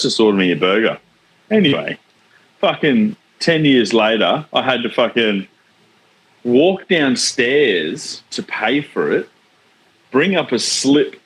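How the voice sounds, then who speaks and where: Teasing Australian bloke, swearing freely. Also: male voice, medium pitch, slight background noise. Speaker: podcast co-host. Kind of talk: casual banter.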